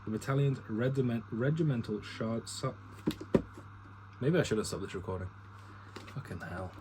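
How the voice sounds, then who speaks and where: A man's voice: mid-range voice, lively intonation, normal speed, very noisy. A man casually reading a novel aloud to his partner, stumbling on words, restarting and chatting in asides. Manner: stumbles, restarts and swears at misreadings.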